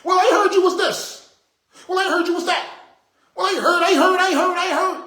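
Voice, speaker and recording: A man mimicking a shrill gossip who keeps repeating hearsay in a sing-song voice. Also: moderate pace, sharp tone. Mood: mocking. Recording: roomy echo.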